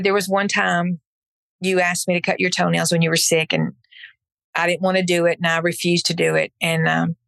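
A woman's voice: on the low side, creaky, a bit bright, no echo. Earnest woman telling her story, dry sound. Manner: earnest, emphatic storyteller who acts out her own past words. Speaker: podcast guest. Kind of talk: personal testimony storytelling. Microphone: podcast microphone.

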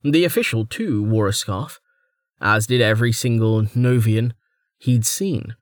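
A man narrating a fantasy audiobook in steady, measured scripted narration. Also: fairly low pitch, dry recording, clean studio sound.

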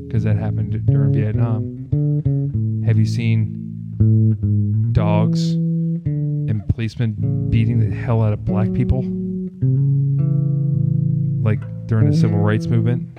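A fairly low-voiced man vents in a casual chat, animated and exasperated. Loud guitar music plays under his talk. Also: slow, pauses often, highs cut off.

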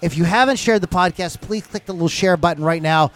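Man, podcast host, casual chat, loose and joking, high-pitched. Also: quick pace, a bit bright. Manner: loose, rambling, jokey.

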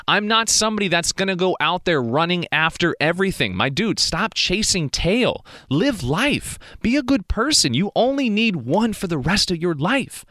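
A man's voice: high voice, sing-song, moderate pace, few pauses, bright, forceful tone, no echo, studio quality. Fired-up, preachy man giving advice. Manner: fired-up, preachy, laughs often. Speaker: vlogger giving life advice. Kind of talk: motivational monologue.

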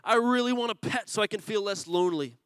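Man doing high, sharp-edged lonely mother, indignant and scolding. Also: lively intonation, fast talker, smooth, no echo, low-quality recording. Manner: shrill, raised voice when scolding. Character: lonely middle-aged mother, fed up and indignant.

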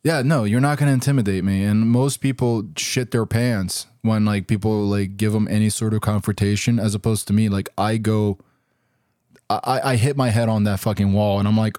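Blunt, swearing man with a low voice. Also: fairly even intonation, moderate pace, dark tone, dry recording, studio quality. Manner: profane, blunt, combative. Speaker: podcast co-host. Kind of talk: casual chat.

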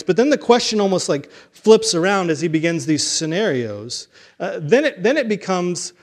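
A man's voice: a little high, expressive, normal speed. A man preaching a sermon in a casual, conversational way, often repeating words and acting out the dialogue he retells. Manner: conversational, repeats words and restarts, acts out dialogue in quoted voices. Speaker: pastor.

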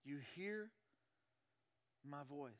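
A male pastor preaching a sermon, moving between loud emphatic passages and hushed, drawn-out phrases, repeating key lines slowly for weight. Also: on the high side, animated.

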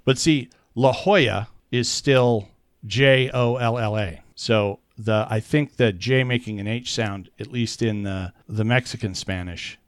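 A man's voice: lowish voice, a little slow, clean tone, no room sound. Rambling, self-correcting man, dry sound. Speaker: podcast co-host. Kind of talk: casual chat.

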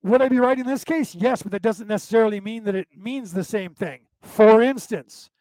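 A man's voice: high voice, moderate pace, a little mellow, dry recording, low-quality recording. A man hosting a podcast class, giving an informal, rambling lecture full of fillers and restarts, blunt and at times profane. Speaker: podcast host teaching a class.

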